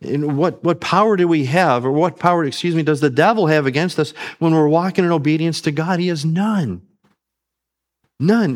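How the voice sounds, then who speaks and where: A man's voice: on the high side, normal speed. A man preaching a sermon, earnest, calling his listeners family and asking them questions.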